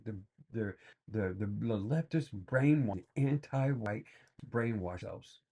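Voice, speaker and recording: A man's voice: mid-range voice, vocal fry, mellow, husky. A man giving rambling, exasperated reaction commentary full of fillers and restarts. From Texas. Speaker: reaction video host. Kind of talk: casual ranting commentary.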